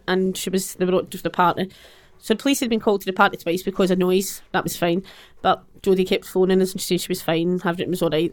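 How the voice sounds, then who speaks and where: Fast-talking Glaswegian Scottish woman. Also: medium pitch. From Scotland. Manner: blunt and animated, acts out quoted exchanges. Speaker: guest. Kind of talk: conversational personal account.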